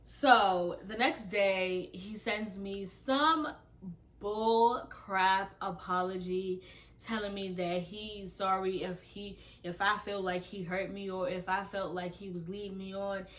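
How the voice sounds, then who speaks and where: A woman's voice: mid-range voice, slow. A young woman telling a casual storytime vlog, acting out her own texts and going off in heated bursts. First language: Nigerian heritage, speaks English. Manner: animated, acts out her texts and goes off in bursts.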